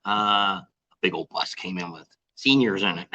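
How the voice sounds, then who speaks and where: A man's voice: sits low, moderate pace, bright, forceful tone. An older man chatting casually on a livestream with his wife, joking, teasing and rambling on a dull, lo-fi recording. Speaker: co-host.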